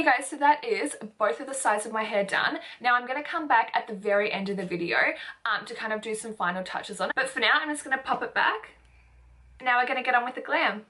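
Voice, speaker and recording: A young woman talks straight to her camera in a chatty beauty tutorial. Her voice is bright and a touch high, and she leans on repeated words with bubbly enthusiasm. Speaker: beauty vlogger. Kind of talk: casual makeup tutorial talk.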